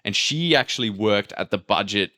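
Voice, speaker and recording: A man telling a travel story in casual podcast chat, swearing freely and acting out quotes with sudden pitch jumps. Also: animated, moderate pace, bright, forceful tone.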